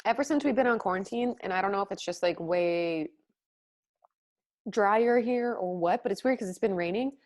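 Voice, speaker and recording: A young woman in her twenties co-hosts a casual mukbang, chatting while she eats. She's talkative, says "like" constantly, and chews as she speaks, in a medium-pitched voice at normal speed.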